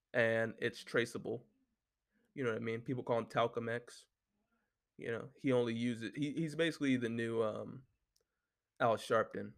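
A man hosting a solo talk show, ranting casually and heatedly with constant swearing and lots of filler words. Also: medium pitch. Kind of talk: casual profane rant.

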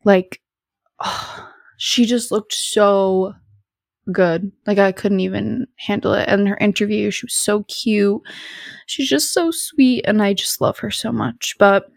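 A woman's voice: mid-range voice, slow, creaky, dry recording, clean studio sound. A young woman hosting a podcast at home, chatting casually in a rambling, bubbly, self-deprecating way. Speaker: podcast host. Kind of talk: casual solo chat.

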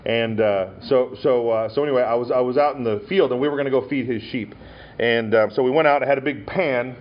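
This ordination sermon comes from a Montana pastor who speaks fairly quickly at a medium pitch. Recorded dully and lo-fi in the church sanctuary, he tells stories while often restarting and using fillers.

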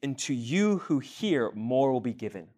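A young man teaching a sermon to a group, animated, acting out everyday scenes and quizzing his listeners. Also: medium pitch, measured pace. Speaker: youth teacher.

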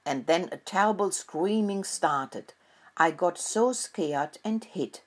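A woman's voice: fairly low pitch, lively intonation, takes it slowly, husky, exaggerated voice. A woman voicing a timid, trembling and clumsy young rat in a storybook, talking in a nervous, flustered way.

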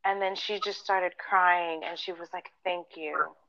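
A woman's voice: fairly low pitch, level tone, normal speed, a bit bright, clear, resonant tone, dry recording. Earnest chatty woman, dry lo-fi sound. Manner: earnest storytelling, many fillers and acted-out quotes. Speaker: podcast co-host. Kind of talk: casual podcast chat.

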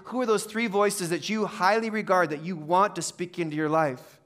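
A high-voiced man preaching to his church. He drops into soft, low, earnest stretches, then builds to loud, punchy exhortations that call the congregation to act. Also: fairly even intonation, normal speed. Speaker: pastor. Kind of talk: sermon.

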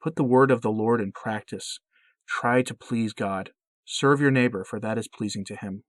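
Man reading the part of a patient motherly holy lady, calm exhortations, dry close sound. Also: lowish voice, moderate pace, no room sound, natural voice. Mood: gently pleading. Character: gentle motherly heavenly woman, patient.

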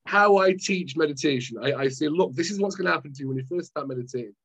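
A Scottish man with a fairly high, slightly rough voice talks fast on dull-sounding audio. He's a mind management coach appearing as a guest in a casual chat, animatedly acting out scenes from his own story and playing his past self.

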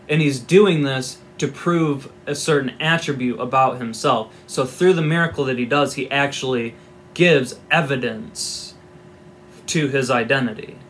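A man's voice: medium pitch, fairly bright tone, slight background noise. A man giving an informal Bible teaching, reading scripture aloud and explaining it in a conversational, wry way with asides.

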